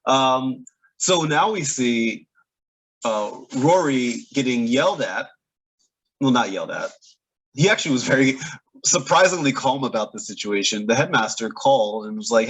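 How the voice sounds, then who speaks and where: A man giving a casual, opinionated TV episode recap, animated and often laughing between points. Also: mid-range voice, unhurried, husky, poor audio. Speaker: TV recap reviewer. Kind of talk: casual reaction review.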